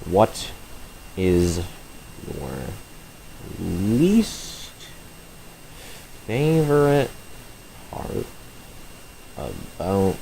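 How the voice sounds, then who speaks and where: A man streaming live gameplay, talking to his chat and reacting loudly to the game with frequent swearing. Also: low voice, big pitch swings, very slow, vocal fry, pauses often, slight background noise.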